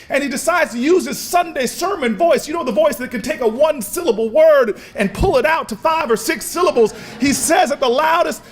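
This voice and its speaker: Speaking to a convention in a large hall, a very high-voiced man delivers a fervent speech like a preacher. His storytelling leans on repeated words and rises until he is shouting.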